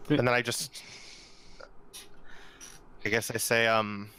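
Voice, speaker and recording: A man's voice: medium pitch, flat delivery, slow, bright, forceful tone, a little hiss or hum, rough recording. A man playing in a tabletop game who describes his character's actions hesitantly, with lots of fillers. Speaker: player. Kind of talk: casual tabletop role-play.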